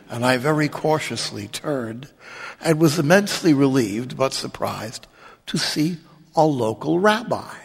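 A Catholic priest tells wry, joking stories to an audience. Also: male voice, mid-range voice, husky. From New York. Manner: wry, joking, animated storyteller. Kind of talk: humorous storytelling talk. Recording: long reverb of a large hall.

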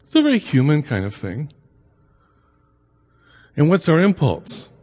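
A middle-aged man lectures on the Bible and immigration in a chatty style, mixing anecdotes into his points and posing rhetorical questions to listeners. His voice is slightly high for a man and darkish in tone, with huge pitch swings and a measured pace, and a long hall reverb trails each phrase.

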